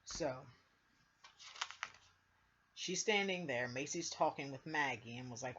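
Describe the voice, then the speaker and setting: A woman's voice: rumbling low, slow, pauses often, a bit bright, slight background noise. A woman casually recapping a TV episode, rambling with lots of fillers and acting out what characters said. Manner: rambling, filler-heavy retelling, acting out quotes. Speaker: TV show reviewer. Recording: dull lo-fi recording.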